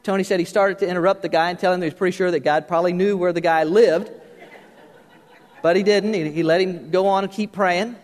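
A man preaching a sermon, telling a story with lively emphasis and repeated words, then dropping soft and low to drive a point home. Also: a little fast. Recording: reverberant hall.

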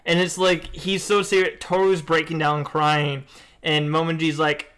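A man with a slightly higher voice rambles through a casual chat about a show, full of fillers and gushing asides. He talks with feeling and keeps circling back to restart his thoughts. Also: flat delivery, a little slow, a bit bright, smooth. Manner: rambling, emotive, many fillers. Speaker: co-host. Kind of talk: casual anime review chat.

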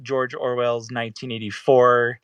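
A man's voice: mid-range voice, little pitch movement, normal speed, a bit bright, clean tone, no room sound, highs cut off. A man co-hosting a casual podcast discussion, talking in a rambling way with many fillers and restarts. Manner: rambling, hesitant, with frequent fillers. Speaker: podcast co-host.

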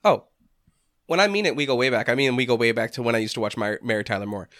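A man's voice: mid-range voice, fast talker, fairly bright tone, dry recording, studio quality. A young man hosting a podcast, bantering in a playful, joking way, swearing freely and laughing often. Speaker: podcast host. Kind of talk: casual comedic banter.

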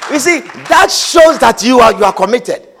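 A man's voice: extremely high pitch, expressive, moderate pace, gravelly, a bit bright, some chatter behind, a little hiss or hum. A man preaching a sermon, repeating himself emphatically and asking his listeners whether they understand. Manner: repetitive, emphatic, asks the audience "do you understand?". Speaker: pastor.

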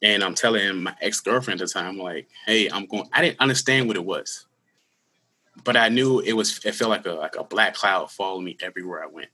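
A man in his thirties telling his personal story in an interview, earnest and candid, with halting restarts. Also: deep voice, bright, forceful tone, slightly rough. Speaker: guest; school security worker.

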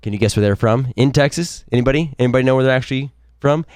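A man's voice: medium pitch, rapid-fire, a little mellow, clean tone, no echo, studio quality. Rambling enthusiastic male co-host. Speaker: podcast co-host. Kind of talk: casual chat.

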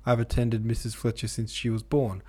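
A man doing a gruff old doctor who barks. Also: medium pitch, monotone, moderate pace, darkish tone, lightly acted. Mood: resentful. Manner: barking, snarling. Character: gruff elderly male country doctor, resentful.

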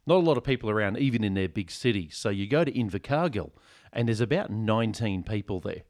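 A man's voice: lowish voice, expressive, fast talker, a little mellow. A man, co-hosting a casual comedy podcast and telling stories in a dry, joking way. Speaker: podcast co-host.

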